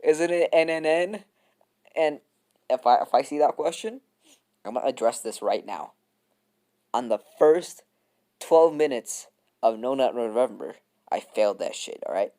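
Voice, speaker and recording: A man's voice: medium pitch, animated, normal speed, pauses often, warm tone. Laughing, rambling young man. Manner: laughs often, swears, slangy and rambling. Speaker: YouTuber telling a fan story. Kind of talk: casual rambling storytelling.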